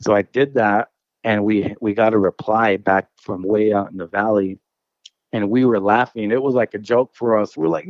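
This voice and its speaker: Low-voiced man telling a rambling story. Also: fairly even intonation, moderate pace, no echo, highs cut off. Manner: rambling, restarts phrases, says dude and bro. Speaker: guest telling an encounter story. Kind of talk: casual storytelling.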